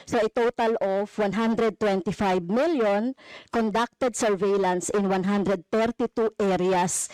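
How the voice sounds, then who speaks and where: A woman's voice: mid-range voice, a little mellow, clear, resonant tone, no room sound, low-quality recording. A woman with a Filipino accent, a legislator questioning methodically at a budget hearing and reading out figures. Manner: methodical, reads out figures, code-switches.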